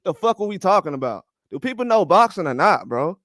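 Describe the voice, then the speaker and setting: A man's voice: high voice, sing-song, a little fast, fairly bright tone, no echo, clean studio sound. A man ranting about boxing with heated, profane speech and repeated rhetorical questions. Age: older. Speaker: boxing commentary host. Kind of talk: heated opinion rant.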